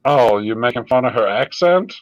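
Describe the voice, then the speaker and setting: A man's voice: mid-range voice, lively intonation, dry recording, muffled recording. A man hosting a casual livestream, talking loosely and swearing often. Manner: loose, swearing, quick laughs. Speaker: livestream host. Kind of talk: casual profane chat.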